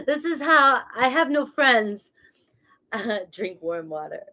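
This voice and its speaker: A woman's voice: fairly high pitch, unhurried, bright, forceful tone. A woman with a cold, a tarot reader who gives a casual, rambling reading and laughs at herself as she talks. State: has a cold.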